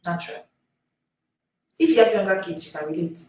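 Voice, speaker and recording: A woman coaching listeners in a motivational teaching talk. She hammers points home through repetition, jumping from loud to near-whispered. Her voice rings around a very echoey room, picked up by a mic placed well away from her. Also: on the low side, brisk, long pauses, recorded from a distance. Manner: emphatic and repetitive, with sharp swings between loud and hushed. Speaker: reading coach.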